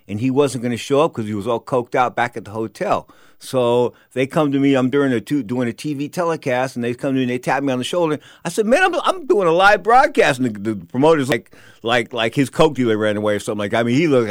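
A man's voice: mid-range voice, no echo, studio quality. A man telling a rambling anecdote about his time as a boxing announcer, often saying "bottom line is" and acting out the quotes. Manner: digressive, repeats "bottom line is", acts out quotes.

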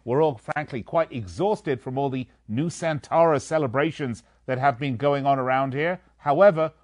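A man's voice: mid-range voice, darkish tone, no echo, clean studio sound. Playful male sports-radio host. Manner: playful, theatrical, slips into sing-song asides. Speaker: sports betting show host. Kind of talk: live radio show host patter.

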